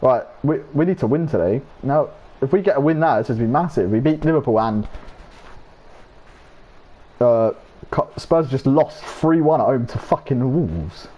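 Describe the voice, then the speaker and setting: A young man streaming a football game, casually retelling comedy scenes, swearing often and jumping into high squeaky voices for the lines he quotes. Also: animated, normal speed, long pauses, dark tone.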